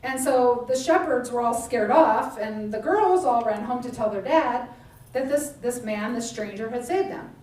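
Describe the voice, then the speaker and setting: A woman preaching a sermon in a chatty storytelling manner, checking in with "right?" as she goes. Her voice is a bit high, and she sounds distant in a very echoey church room. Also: moderate pace, a little mellow. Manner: conversational storytelling, frequent 'right?' and 'like'. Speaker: minister. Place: church sanctuary. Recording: echoey church room, speaker far from the mic.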